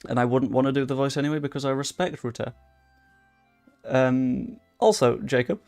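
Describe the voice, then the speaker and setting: A young man casually commentating a livestream while he plays, chatty, swearing freely and reacting loudly to the game. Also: medium pitch, moderate pace, vocal fry. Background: faint background music.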